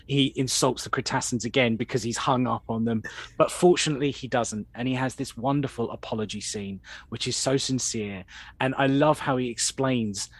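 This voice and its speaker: A man's voice: medium pitch, moderate pace, no room sound. Man, dry close voice. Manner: chatty storyteller with anecdotes. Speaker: podcast co-host. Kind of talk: casual chat reviewing an episode.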